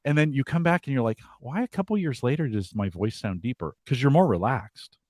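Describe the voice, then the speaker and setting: A man's voice: medium pitch, animated, a little fast, a little mellow, no echo, clean studio sound. A man co-hosting a live podcast, giving advice in a reflective, thinking-aloud way. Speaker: podcast co-host.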